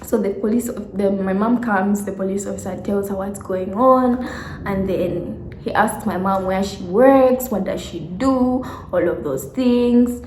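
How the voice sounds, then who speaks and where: A woman's voice: mid-range voice, unhurried, a little mellow, slight background noise. A young woman in her twenties tells a storytime vlog with lots of animation. She acts out the people in her story and laughs often. Her voice rings in a roomy, echoey space. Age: 20s. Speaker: vlogger.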